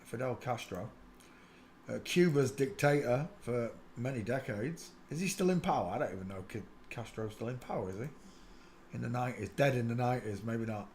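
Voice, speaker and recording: A man's voice: fairly quick, slight background noise. A man hosting a live stream, giving casual, mocking running commentary on pictures and greeting viewers by name. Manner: excitable, breaks into loud high laughter. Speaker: livestream host.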